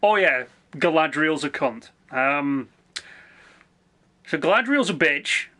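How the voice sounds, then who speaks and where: A man's voice: fairly high pitch, animated, takes it slowly, sharp tone. A man streaming a game, ranting in a sarcastic, sweary, rambling way. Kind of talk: casual rant while gaming.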